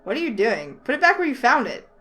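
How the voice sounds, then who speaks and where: A woman voicing a grumpy, blunt young male store clerk with a Southern accent, flat and stubborn. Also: a little high, fast talker, low-quality recording. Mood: scolding.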